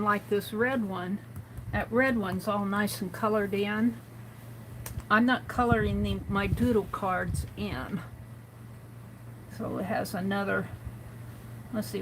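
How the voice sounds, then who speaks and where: A woman's voice: medium pitch, creaky, background noise. A woman hosting a live drawing tutorial, chatting and thinking aloud as she narrates and counts each stroke. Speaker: art stream host.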